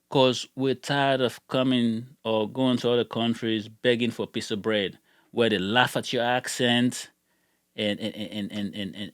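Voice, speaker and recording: A man's voice: mid-range voice, no echo. Middle-aged male YouTuber, heated rambling rant, dry close sound. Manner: heated, rambling, repeats words when worked up. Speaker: gun channel YouTuber. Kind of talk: casual ranting vlog.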